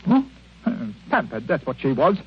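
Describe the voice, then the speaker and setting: A man's voice: fairly high pitch, big pitch swings, normal speed, slightly rough, exaggerated voice. An actor playing a self-pitying, miserly old man who grumbles and whines, in 1940s radio acting style. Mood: whining. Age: older. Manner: whining, grumbling. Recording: dull old radio recording, faint hiss.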